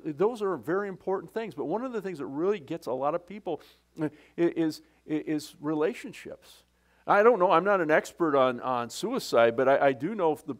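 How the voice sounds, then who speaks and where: A male pastor preaching a sermon in a church. He often stops and restarts, repeating words, and makes casual asides to the congregation. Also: fairly high pitch. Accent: Canadian English. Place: church sanctuary.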